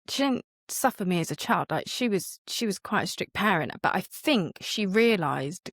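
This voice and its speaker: A woman co-hosting a podcast tells stories in casual chat, laughing often and acting out quotes as a lively storyteller. Her voice is mid-range, captured in a dry, studio-quality recording.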